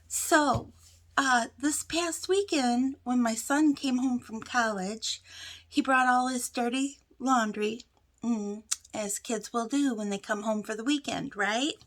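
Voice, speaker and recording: A woman's voice: on the high side, slow pace. A middle-aged woman chatting to camera as a crochet vlogger, telling stories in a folksy way with frequent laughs and asides. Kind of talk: casual chat to camera.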